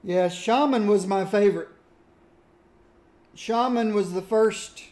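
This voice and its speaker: A man casually reminiscing about old games while he plays, musing aloud in a relaxed way. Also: sits high, slow pace. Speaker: gaming streamer. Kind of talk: casual commentary while playing.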